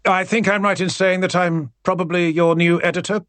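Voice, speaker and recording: A man's voice: sits high, level tone, brisk, a bit bright, clean tone, no room sound, voice pushed up. A man playing a flustered new newspaper editor who tries to sound firmer than he feels. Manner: flustered, trying to sound firm.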